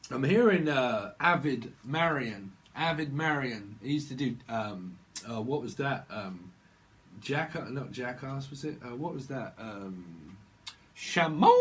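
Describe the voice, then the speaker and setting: A man's voice: mid-range voice, a bit bright. A man with a British accent giving a rambling, free-associating tarot reading, laughing often and dropping into silly voices. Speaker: tarot reader.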